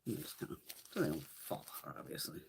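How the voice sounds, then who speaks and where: A woman's voice: fast, slight background noise. A middle-aged woman hosting a casual beauty livestream, chatty and swearing freely as she tells stories.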